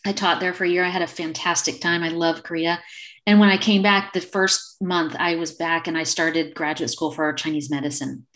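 A woman's voice: on the low side, steady tone, normal speed, fairly bright tone. A woman in her fifties, an acupuncturist guest on a video call, telling a story and acting out the quoted exchanges. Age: 50s. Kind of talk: casual storytelling interview.

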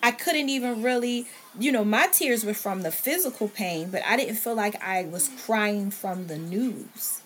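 A woman's voice: medium pitch, measured pace, hardly any pauses, fairly bright tone, a little hiss or hum. Woman earnestly retelling a story from home. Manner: earnest, relives scenes by quoting others' words. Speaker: podcast guest. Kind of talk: personal storytelling in conversation. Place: at home, in a bedroom with a TV on.

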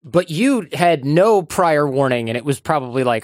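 A man's voice: on the high side, lively intonation, moderate pace, no room sound, studio quality. A man hosting an interview, asking questions in a reactive, empathetic way and thinking aloud as he goes. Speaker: podcast host. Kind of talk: conversational interview.

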